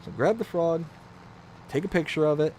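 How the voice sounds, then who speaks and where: A man's voice: on the high side, a little fast, a little hiss or hum. A man hosting a gaming livestream, casually telling a story and acting out the voices in it. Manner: animated, acts out the voices in his story. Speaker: livestream host.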